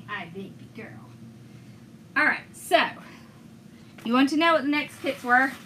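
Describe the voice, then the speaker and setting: A woman's voice: high voice, expressive, slow, noisy background. A woman hosting a crafting video, chatting enthusiastically as she talks viewers through each step. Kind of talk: casual crafting demonstration.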